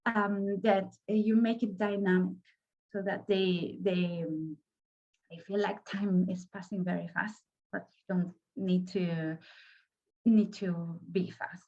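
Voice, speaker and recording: Spanish woman trainer, mid pitch, hesitant delivery, muffled audio. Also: fairly even intonation. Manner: halting, many fillers and restarts. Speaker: workshop trainer. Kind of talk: online training workshop.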